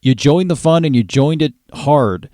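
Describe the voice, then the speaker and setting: Mellow-voiced male comedy host. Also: on the high side, a little slow, no room sound, studio quality. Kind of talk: comedy interview.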